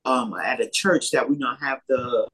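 A man with a husky, slightly rough voice tells a personal faith story in a loose, conversational way. He keeps repeating himself and acts out what others said as he goes. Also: medium pitch, fairly even intonation, normal speed, a bit bright. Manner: rambling, repetitive retelling with many quoted exchanges. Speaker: storyteller sharing a faith testimony. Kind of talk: casual spoken testimony.

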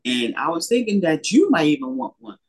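A man's voice: on the high side, sing-song, brisk. A man casually recounting a personal faith story, rambling and repeating himself as he retells what people said. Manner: rambling, repetitive retelling with many quoted exchanges. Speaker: storyteller sharing a faith testimony. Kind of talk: casual spoken testimony.

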